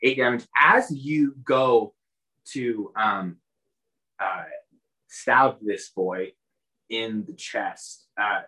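A man's voice: lowish voice, very slow, pauses often, sharp tone, rough recording. A man narrating as game master of a tabletop game, loose and rambling with many fillers.

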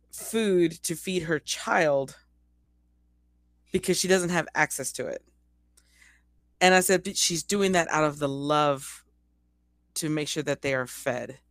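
A woman's voice: sits low, slow, long pauses, no room sound. A woman co-hosting a casual faith podcast, talking earnestly and telling stories with many restarts. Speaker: podcast co-host.

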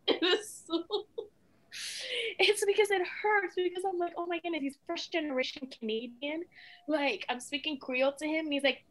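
A young woman from West Africa, a mother talking as a guest in a casual, expressive interview. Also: high-pitched, normal speed, poor audio. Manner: animated and expressive, with frequent "you know what I mean".

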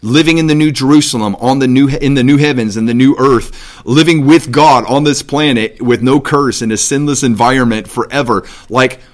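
Male Bible teacher, casual and animated, middle pitch, conversational podcast teaching. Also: moderate pace. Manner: animated, paraphrases God in everyday speech.

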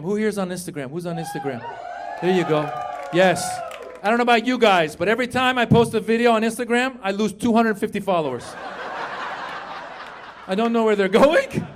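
A middle-aged man performing a stand-up comedy set on a club stage, animated, acting out characters and shouting punchlines. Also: very high voice, moderate pace. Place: comedy club stage before a live audience. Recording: live club recording with crowd noise. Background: audience laughter.

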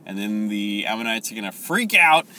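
A man voicing a jittery male warrior who stalls for time and then turns giddy, in a raised, excitable voice. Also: lowish voice, moderate pace, a little hiss or hum, exaggerated voice, low-quality recording. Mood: eager.

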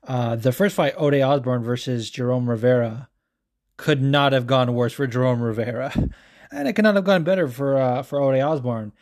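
A man's voice: mid-range voice, moderate pace. A man hosting a casual recap show, rambling and swearing a lot, full of fillers and asides, a bit hungover. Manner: profane, rambling and animated, with many fillers. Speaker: podcast host recapping fights. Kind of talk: casual chat.

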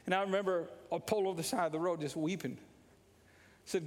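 A pastor preaching an impassioned sermon, repeating his points and rising to shouts. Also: high voice, steady tone, a little fast. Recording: long reverb of a large hall.

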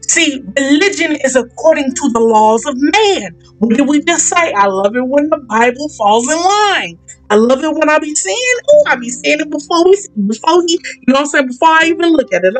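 A woman host leading a Bible study in an excitable, preacherly way, reading scripture and calling out to her listeners. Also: high-pitched, low-quality recording. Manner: excitable, preacherly call-and-response.

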